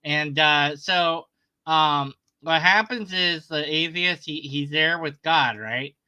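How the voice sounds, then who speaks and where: A man's voice: fairly high pitch, slow pace, bright, forceful tone, smooth, low-quality recording. A man sarcastically retelling a story in casual commentary, mocking the people in it.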